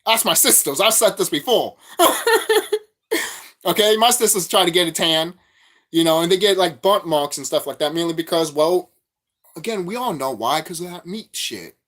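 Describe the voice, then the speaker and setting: Profane ranting man, lively pitch. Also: moderate pace. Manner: profane, repetitive, preachy. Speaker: vlogger. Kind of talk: spiritual rant monologue.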